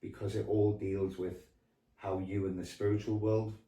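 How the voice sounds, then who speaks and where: A low-voiced man chats in a rambling way as an actor guest, stopping to restart his sentences and joking as he goes. He sounds a little distant from the mic, in a roomy space that echoes. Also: little pitch movement, moderate pace, mellow. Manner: rambling, restarts, jokey with laughs. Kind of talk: casual interview chat.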